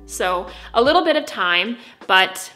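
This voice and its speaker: A woman's voice: mid-range voice, lively intonation, unhurried, bright, forceful tone, faint music behind. A young American woman talking to camera in a casual vlog, bubbly and playfully dramatic. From United States. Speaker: vlogger.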